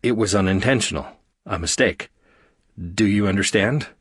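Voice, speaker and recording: A frightened young astronaut , voiced by a man, stammers out nervous explanations in an audiobook. The voice sits a little low, and the recording is close and dry. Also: normal speed, fairly bright tone, breathy edge, dry recording. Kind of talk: audiobook character voice.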